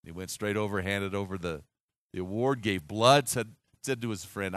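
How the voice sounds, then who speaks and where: A man's voice: fairly low pitch, steady tone, moderate pace, fairly bright tone, no echo. A man in his sixties from the United States, preaching a sermon as an earnest story full of restarts and acted quotes.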